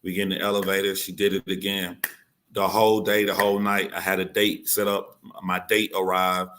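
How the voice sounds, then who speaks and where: A man with a deep, low voice tells a heated story from his own life. He talks bluntly and swears freely, acting out what others said and pressing the same points again and again to make sure they land. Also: level tone, fairly quick, a bit bright, slight background noise. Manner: insistent, repeating key points. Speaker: YouTuber telling his side of a dispute.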